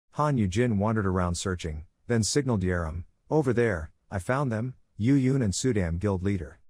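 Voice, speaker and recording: A man whose voice sits fairly low is recapping a comic's story. Whether it's dialogue or action, he delivers each line at one steady, even pace. The recording is close and dry, with no echo from the room.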